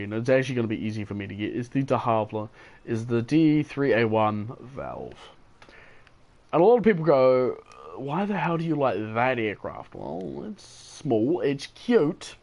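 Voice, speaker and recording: A man's voice: mid-range voice, very animated, normal speed, creaky, darkish tone. A man giving casual, rambling gameplay commentary, tired and yawning, with enthusiastic, playful asides. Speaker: gaming video host.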